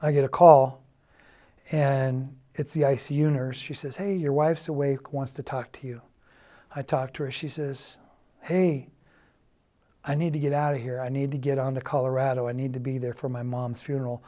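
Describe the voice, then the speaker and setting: Quiet man telling a personal loss. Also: mid-range voice, level tone. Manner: quiet, halting storytelling that quotes others' words. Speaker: church testimony speaker. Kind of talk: personal testimony. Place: church.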